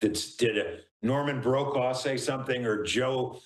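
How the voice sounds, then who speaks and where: An older man hosting an interview, asking his questions in a rambling, halting way. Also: medium pitch, reverberant, low-quality recording. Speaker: interview host. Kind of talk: conversational interview.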